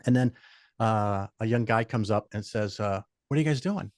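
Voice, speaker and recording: A man's voice: lowish voice, moderate pace, no room sound, clean studio sound. An older man, a podcast guest, telling stories in casual chat with frequent swearing and quoted voices. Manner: profane, animated anecdotes with quoted voices.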